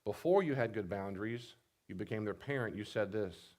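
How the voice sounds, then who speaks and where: A man's voice: lowish voice, moderate pace, a little mellow. A male pastor giving a teaching talk, emphatic and repeating his key points. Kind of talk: teaching talk on marriage counseling.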